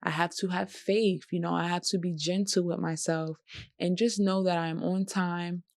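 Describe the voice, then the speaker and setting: Weary woman vlogging, gravelly voice. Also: fairly low pitch, steady tone, normal speed, no echo. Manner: emotional, earnest, pleading at times. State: tired. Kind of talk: personal vlog talk to camera.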